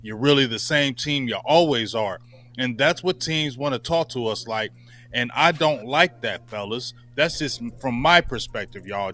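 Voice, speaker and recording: Male sports co-host, passionate and repetitive, bright forceful tone. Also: medium pitch. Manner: passionate, repeats himself for emphasis. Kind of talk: heated casual sports talk.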